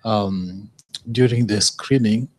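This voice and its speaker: A man's voice: lowish voice, fairly even intonation, takes it slowly, a little mellow. A man in the audience politely asking the panel a question. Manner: polite, inquiring. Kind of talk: question from the floor.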